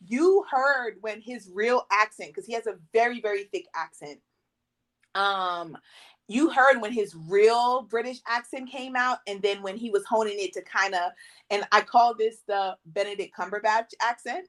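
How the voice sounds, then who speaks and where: A woman's voice: a little high, normal speed. A woman co-hosting a movie podcast, giving her opinion in a rambling way with lots of ums. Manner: rambling, many ums, lively quoting. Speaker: podcast co-host. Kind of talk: casual chat.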